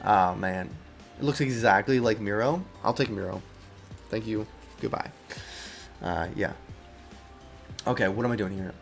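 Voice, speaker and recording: A man who is an indie game developer, rambling casually on a live stream. He uses lots of fillers, breaks off mid-sentence and keeps talking to himself, and his voice sounds worn and low. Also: unhurried, gravelly, pauses often, faint music behind. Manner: rambling, full of fillers and self-interruptions; easily sidetracked, talks to himself. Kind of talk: casual live-stream chat while working.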